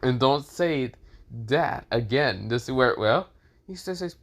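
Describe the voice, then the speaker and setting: A man's voice: mid-range voice, animated, takes it slowly. A man casually narrating a fan story, rambling and leaning on the same fillers again and again. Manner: rambling, repeats fillers often.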